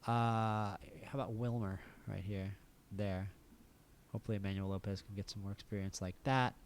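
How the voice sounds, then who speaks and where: A man's voice: fairly low pitch, fairly even intonation, normal speed, slight background noise. An American man hosting a gaming channel, giving casual gameplay commentary, thinking aloud with wry asides. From United States.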